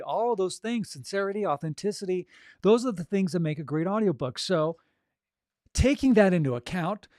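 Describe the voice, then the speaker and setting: Man, audiobook coach, casual chat, fairly high voice, dry close sound. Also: a little mellow, no room sound. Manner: conversational, upbeat, with frequent fillers.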